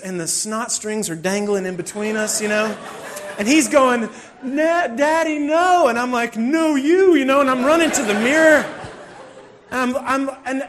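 A man, telling a funny story in a sermon and acting out the scenes with self-mocking humor. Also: sits high. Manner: animated, self-deprecating, acts out scenes.

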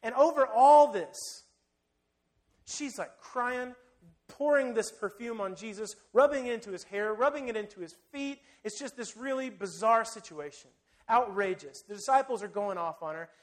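High-voiced conversational male preacher. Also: normal speed. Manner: conversational and animated, addressing listeners directly. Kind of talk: sermon.

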